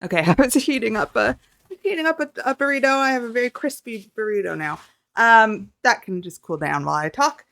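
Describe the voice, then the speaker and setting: A young woman telling a story in a casual vlog at home, excitable and flustered, rambling and swearing as she goes. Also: fairly high pitch, a little fast, gravelly, no room sound. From Canada. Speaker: vlogger.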